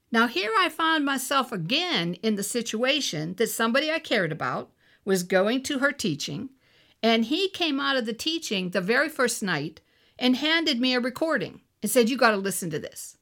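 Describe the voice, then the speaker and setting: Gravelly-voiced woman telling a testimony. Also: on the high side, pushed and bright. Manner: earnest storytelling, acts out quoted voices. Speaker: minister. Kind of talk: testimony sermon.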